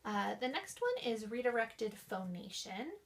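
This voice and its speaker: A woman's voice: fairly high pitch, sing-song, far from the mic. A young woman explaining voice therapy exercises as a class presentation, showing each one by coughing, sighing or stretching out words. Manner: demonstrates exercises with coughs, sighs and slowed speech. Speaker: student presenter.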